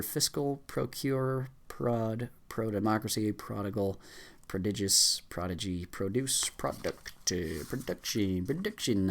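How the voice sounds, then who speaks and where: A man with a fairly low voice reads dictionary entries aloud as fast as he can for a speedrun challenge. He rattles through the words, tripping over a few and starting them again. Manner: rattling off words fast with frequent stumbles and restarts. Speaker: YouTuber. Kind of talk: rapid list reading for a speedrun challenge.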